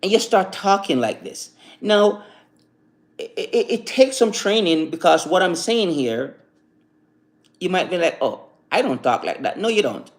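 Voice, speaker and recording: A man hosting a live stream, giving a casual motivational talk that rambles and repeats, full of "you know" fillers. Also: high-pitched. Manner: recites slow calm affirmations.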